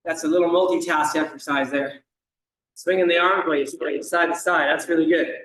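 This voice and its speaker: Male fitness instructor, encouraging, counts reps; high voice, distant mic in a very echoey room. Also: steady tone, a little fast, fairly bright tone. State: slight cough. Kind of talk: coaching an exercise class.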